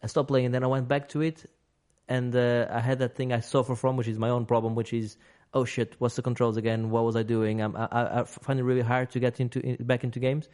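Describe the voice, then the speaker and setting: A man's voice: mid-range voice, little pitch movement, fast talker, hardly any pauses, darkish tone. Rambling male podcast host. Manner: rambling, restarts sentences often, laughs easily. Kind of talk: casual podcast chat about games.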